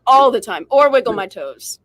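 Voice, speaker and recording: A woman's voice: fairly high pitch, animated, moderate pace, a bit bright. A young woman co-hosting, telling stories in a chatty, giggly way with lots of "like". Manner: chatty, giggly storytelling with many "like"s. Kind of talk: casual chat.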